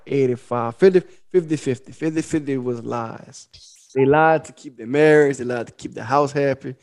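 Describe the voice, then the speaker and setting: A man's voice: medium pitch, a little mellow. A young adult man co-hosting a casual podcast, telling loose stories with laughs and acting out the people he quotes. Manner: loose, laughing storyteller, acts out quoted voices. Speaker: podcast co-host.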